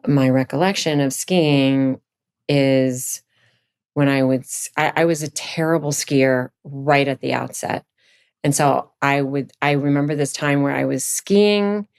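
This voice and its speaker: A middle-aged woman from Virginia, a podcast guest, chatting casually and telling animated stories, leaping up in pitch for quoted lines. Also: clean tone. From Virginia, USA. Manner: animated storyteller, jumps high for quoted lines. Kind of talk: casual chat.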